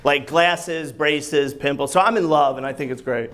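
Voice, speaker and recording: A man performing a profane, animated standup comedy set on a club stage. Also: on the high side, normal speed. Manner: animated, profane, loud bursts over crowd laughter. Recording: live club recording with crowd laughter. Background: audience laughing.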